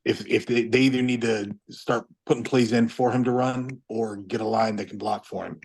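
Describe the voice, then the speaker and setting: A man co-hosting a casual sports talk show, deliberate, often stumbling over his first words. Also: mid-range voice, fairly even intonation, darkish tone, slightly rough, rough recording. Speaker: co-host.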